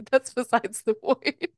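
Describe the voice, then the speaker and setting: A woman co-hosting a casual podcast, recapping a book in an exasperated, swearing, animated way and voicing the characters' lines. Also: slow pace, no echo, clean studio sound. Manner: swearing, exasperated, animated retelling with voiced quotes. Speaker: podcast co-host.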